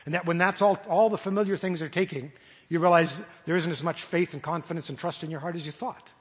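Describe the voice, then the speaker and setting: A man with a high, husky voice preaches at a quick pace but with a steady tone, earnest and searching. As he voices imagined prayers he falters and restarts, his words ringing through a large hall.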